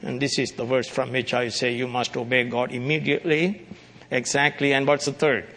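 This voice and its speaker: Gravelly, bright-voiced male preacher. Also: little pitch movement, normal speed, slight background noise. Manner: preaching with sudden loud, high-pitched exclamations. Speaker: pastor. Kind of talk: sermon.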